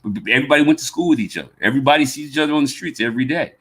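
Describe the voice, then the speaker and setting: A man's voice: medium pitch, racing, bright, forceful tone, husky. A man in his fifties from the American South, with a slight Southern drawl, hosting a podcast in a rambling, casual way and often repeating words as he gathers his thoughts. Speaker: podcast host. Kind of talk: casual conversation.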